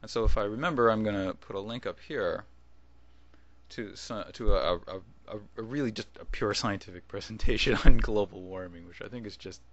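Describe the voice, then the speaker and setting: Brisk and a bit bright, this lowish male voice comes through lo-fi audio. The vlogger is making a casual video response, wandering off track, restarting, and chuckling at himself.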